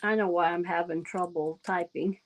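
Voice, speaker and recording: A woman's voice: fairly low pitch, fairly even intonation, normal speed. A woman hosting a casual trivia livestream, chatting and reading quiz questions aloud. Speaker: livestream host.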